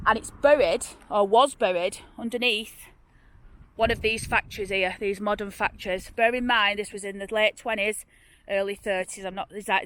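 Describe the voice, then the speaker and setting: A woman with a Northern English accent, telling local ghost stories in a rambling, chatty way outdoors, with many fillers and restarts. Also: medium pitch. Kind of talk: casual storytelling on location. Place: outdoors by a road.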